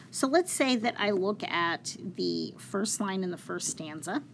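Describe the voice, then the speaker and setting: A woman teaches a poetry lesson at an unhurried pace, walking through each step patiently and counting syllables out loud. Her pitch sits in an ordinary middle range, and a faint hum of room ambience runs underneath.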